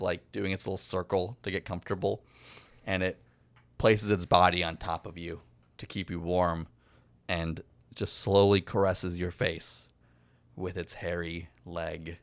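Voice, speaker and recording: A man narrating as game master of an improvised fantasy game, chatty and relaxed, laughing often. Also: low-pitched, clear, resonant tone, dry recording.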